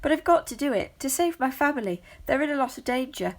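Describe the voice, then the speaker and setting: A woman's voice: high-pitched, animated, fast talker, pitched above the performer's own voice. A woman voicing a small, earnest young male pet cat in a storybook, eager and pleading.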